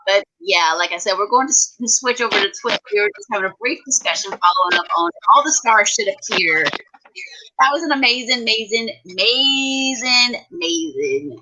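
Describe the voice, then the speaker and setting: A woman's voice: mid-range voice, animated, normal speed, bright, forceful tone, a little hiss or hum, low-quality recording. Enthusiastic woman hosting a fan chat. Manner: enthusiastic, affirming. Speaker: host. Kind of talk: casual fan discussion.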